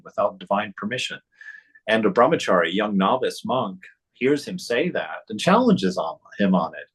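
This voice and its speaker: Low husky male spiritual teacher. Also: low-quality recording. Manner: reflective, conversational, with frequent "right?" and "you know". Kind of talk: reading and commenting on a devotional text.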